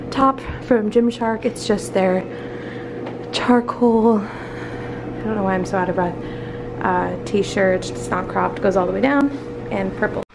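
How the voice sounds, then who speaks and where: Woman vlogger, bright high voice, chatty day-in-the-life narration, a faint hum behind. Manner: chatty, rambling, self-narrating. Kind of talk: casual vlog chat.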